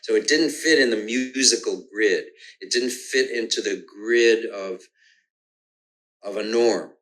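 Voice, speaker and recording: An older man, a guest musician, telling the story of how he came to music in a relaxed conversational way, humming rhythms aloud to explain them. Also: on the low side, unhurried, poor audio. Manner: hums and sings rhythms aloud to explain, frequent restarts.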